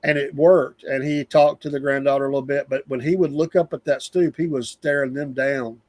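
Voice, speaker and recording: A man's voice: mid-range voice, fairly even intonation, fairly quick, a little mellow, dry recording. A middle-aged man with a Southern US accent hosting a live show, venting in a casual, rambling monologue and repeating himself for emphasis.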